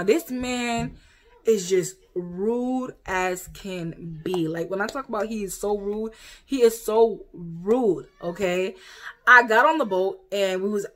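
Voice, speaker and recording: A young woman from the United States telling a story to camera in a casual, animated way, acting out what other people said. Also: mid-range voice. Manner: animated, quotes people in exaggerated voices. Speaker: vlogger.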